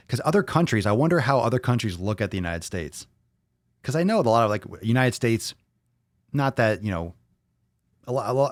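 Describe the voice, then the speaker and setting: Low-voiced rambling male podcast host. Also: no echo, studio quality. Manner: rambling, profane, asks the audience questions. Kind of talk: casual livestream chat with viewers.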